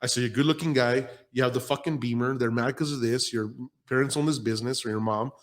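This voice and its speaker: A man's voice: medium pitch, steady tone, fast talker. Podcast host, male, blunt and foul-mouthed, acts out quotes in his stories. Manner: blunt storyteller who acts out quoted people. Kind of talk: casual profane podcast talk.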